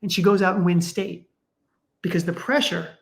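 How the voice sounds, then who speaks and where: A middle-aged man, a sports psychologist guest, speaking in a conversational, animated way and acting out the people in his stories. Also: moderate pace, creaky. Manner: animated, acts out quoted parents with raised pitch. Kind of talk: conversational storytelling.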